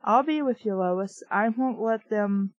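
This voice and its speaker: A woman's voice: mid-range voice, a little slow, no echo, lo-fi sound, close to an everyday voice. A woman reading as a worried young hostess. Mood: earnest.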